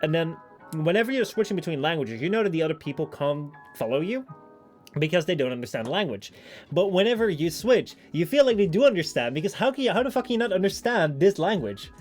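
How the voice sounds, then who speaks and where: A man's voice: very animated, fast, faint music behind. A young man with a Dutch accent chatting casually with his live stream audience, rambling with lots of "like" and frequent laughs. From Netherlands. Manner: rambling, lots of "like", laughs often, sudden high squeaky bits.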